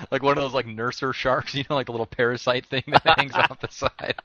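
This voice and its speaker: A man's voice: medium pitch, brisk, dull audio, heavy background noise. A man chatting casually with friends, joking and using slang. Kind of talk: casual podcast chat with friends.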